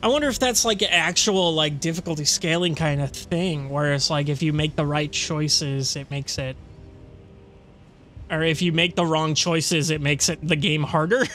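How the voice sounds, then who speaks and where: A man's voice: fairly high pitch, moderate pace, fairly bright tone, a little hiss or hum. A young man commentating casually on a horror game, rambling, laughing and swearing. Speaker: let's play host.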